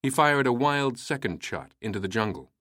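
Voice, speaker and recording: A man reading a story aloud in a measured, steady way. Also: mid-range voice, no room sound, studio quality. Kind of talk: storytelling narration.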